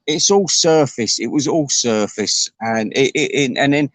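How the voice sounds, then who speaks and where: A man with an ordinary middle-pitched voice rambles through a crude comic rant at a measured pace, stumbling into restarts and sudden asides. The sound is dry and close, with no room sound around it.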